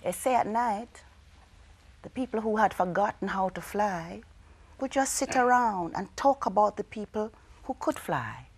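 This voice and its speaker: A woman telling a folk tale to children, dramatic, with call-and-response and hushed whispers. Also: mid-range voice, expressive, measured pace, slightly rough. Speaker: storyteller. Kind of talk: storytelling for children.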